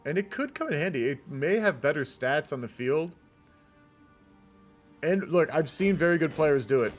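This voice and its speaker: A man's voice: on the high side, animated, moderate pace, faint music behind. A man casually commentating a multiplayer strategy game on a live stream, rambling into laid-back asides and swearing often.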